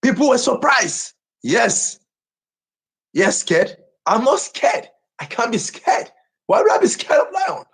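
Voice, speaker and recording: Husky-voiced boastful man. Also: very high voice, very animated, slow pace, a bit bright. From Nigeria. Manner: boastful, repeats himself over and over. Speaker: live streamer. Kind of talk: live stream talk.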